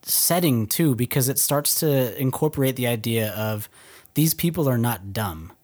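A man's voice: mid-range voice, lively intonation, moderate pace, darkish tone. A young man from Texas co-hosting a podcast, enthusiastically discussing a film and quoting its lines. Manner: enthusiastic, quotes lines, some restarts. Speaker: podcast co-host. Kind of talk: casual film chat.

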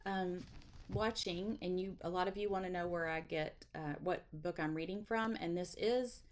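A woman's voice: fairly low pitch, normal speed, slight background noise. A middle-aged woman, hosting a casual devotional livestream in a chatty, folksy way with frequent laughs. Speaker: devotional host. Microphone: webcam or phone livestream.

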